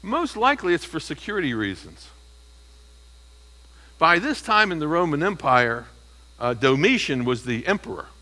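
A man's voice: on the high side, sing-song, normal speed, long pauses, bright, forceful tone, poor audio. A man preaching an expository sermon, emphatic and teaching, often asking the congregation questions. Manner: emphatic, stresses single words. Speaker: pastor.

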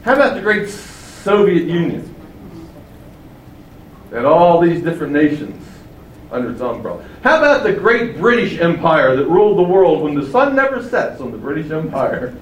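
A man preaching a sermon, emphatic and fond of rhetorical questions, his loudness swinging widely from phrase to phrase. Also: fairly high pitch, very animated, moderate pace, a little hiss or hum. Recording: echoey room from far off, faint ambience.

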